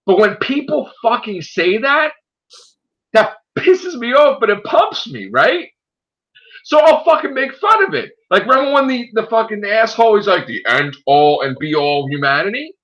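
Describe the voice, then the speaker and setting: A man with a high, bright voice that swings wildly up and down as he rants profanely on his own show. The sound is dull and lo-fi. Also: moderate pace. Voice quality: loud, profane, animated. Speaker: host of an online show. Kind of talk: casual ranting chat.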